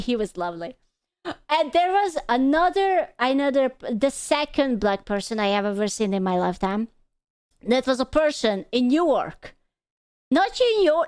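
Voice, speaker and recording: High, smooth-voiced young woman telling a story. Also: a little slow, dry recording, clean studio sound. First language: not English. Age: young adult. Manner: animated, stammering restarts, swears freely. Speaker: VTuber streamer. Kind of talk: casual storytelling stream.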